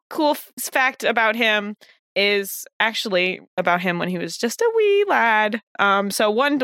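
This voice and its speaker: A woman talking casually as a tabletop game player, excitable and rambling, with playful swearing. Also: on the high side, no echo, studio quality. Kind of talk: casual chat about a game character.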